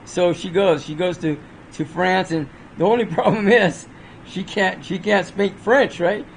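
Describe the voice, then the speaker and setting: A man's voice: sits high, measured pace, gravelly, a little hiss or hum, low-quality recording. A man casually reviewing movies off the cuff, rambling with many fillers and restarts.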